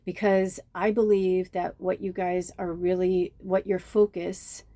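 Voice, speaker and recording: Woman, tarot reader, casual spiritual reading, chatty and rambling, mellow dark voice. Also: fairly low pitch, level tone, unhurried, no room sound. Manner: chatty, rambling, many fillers and asides, acts out quoted dialogue. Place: home near busy traffic.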